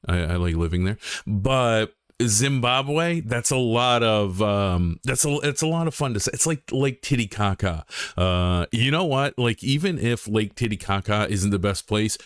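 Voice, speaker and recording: A young man streaming a game from home, chatting casually in a rambling, joking way with deadpan asides. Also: fairly low pitch, clean tone, dry recording, clean studio sound. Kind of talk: casual live-stream chat.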